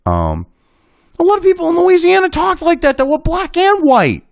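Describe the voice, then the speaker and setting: High, lively swearing male ranter. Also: normal speed, gravelly, no room sound, clean studio sound. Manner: indignant, swearing, sarcastic. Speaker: commentary show host. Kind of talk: profane ranting commentary.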